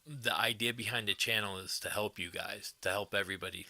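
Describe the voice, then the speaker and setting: A man's voice: on the low side, fairly even intonation, fairly quick, pushed and bright, no room sound. A man hosting a livestream, telling casual rambling stories to his viewers, chuckling often and swearing freely. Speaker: livestream host.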